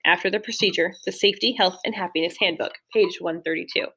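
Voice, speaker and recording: A young adult woman narrating a first-person novel as an audiobook reader, in a steady storytelling read with the odd slip and restart. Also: on the low side, fast, gravelly, breathy edge.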